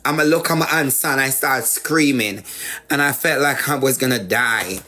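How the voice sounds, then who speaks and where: A man's voice: medium pitch, moderate pace, bright, forceful tone, soft background music. Jamaican-accented man retelling with insistent repetition. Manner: repetitive, emphatic retelling with repeated phrases. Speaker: guest sharing life story. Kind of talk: personal storytelling.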